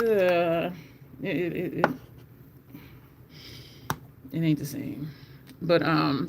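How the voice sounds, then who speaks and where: A livestream host chatting casually with viewers at home while trying out makeup, animated and talkative, calling the audience "y'all". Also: mid-range voice, vocal fry, slight background noise.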